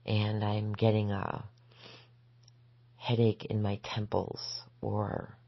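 A spiritual teacher, a woman, speaks at an unhurried crawl with a gravelly edge and a flat, even melody. Her delivery is gentle and measured, sometimes falling to a soft whisper. The recording is dull and dry. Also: rumbling low, no room sound. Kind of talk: slow reflective spoken essay.

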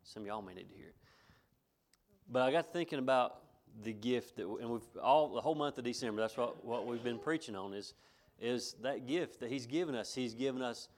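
A middle-aged pastor, preaching a folksy sermon to his congregation, repeating himself and chuckling between points. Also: medium pitch.

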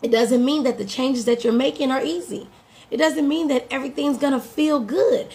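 A woman life coach giving an upbeat, direct motivational morning talk to her listeners, her voice a little hoarse. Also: high-pitched, normal speed, mellow. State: slightly hoarse. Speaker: life coach and podcast host.

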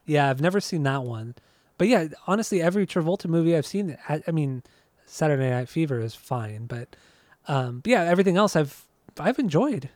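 A man co-hosting a casual podcast, chatting about movies and music in a relaxed, rambling way with frequent restarts. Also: on the high side, a little fast, no echo. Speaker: podcast co-host.

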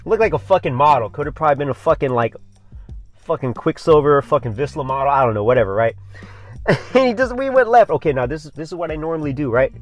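Profane, rambling surfer-bro podcast host. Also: male voice, fairly high pitch, sing-song, quick pace, faint music behind. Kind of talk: casual solo podcast monologue.

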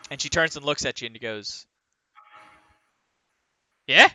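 A man narrating a tabletop game as game master, animated and laughing often. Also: mid-range voice, fast, dry recording.

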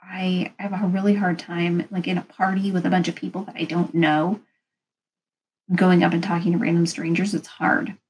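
A woman's voice: lowish voice, flat delivery, moderate pace, slight background noise, poor audio. A woman vlogger giving casual advice, talking frankly and rambling a little. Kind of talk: casual advice talk to camera.

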